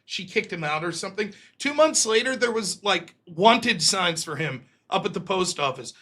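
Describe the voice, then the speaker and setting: A man's voice: high-pitched, animated, normal speed, bright, forceful tone. A man hosting a live stream, casually telling rambling, profane stories from his youth. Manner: profane, rambling anecdotes with quoted voices. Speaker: host.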